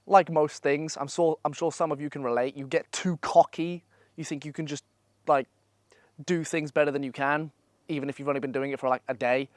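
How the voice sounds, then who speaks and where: A man's voice: a little high, steady tone, fairly quick, dry recording, clean studio sound. Blunt, profane young man. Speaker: online business coach. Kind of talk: casual motivational vlog talk. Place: holiday villa in Greece.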